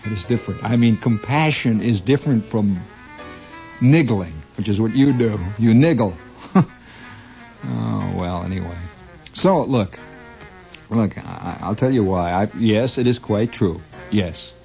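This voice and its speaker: A man's voice: on the low side, lively intonation, unhurried, vocal fry, dark tone, dull audio, soft background music. A middle-aged man performing a comedy monologue as one side of a conversation, talkative and argumentative, stammering and restarting, with chuckles at his own lines.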